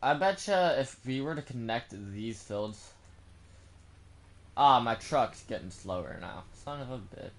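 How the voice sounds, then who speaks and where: A man's voice: mid-range voice, animated, unhurried. Goofy swearing young gamer man. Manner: goofy, swears, bursts into silly sung bits. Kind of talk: casual let's-play commentary.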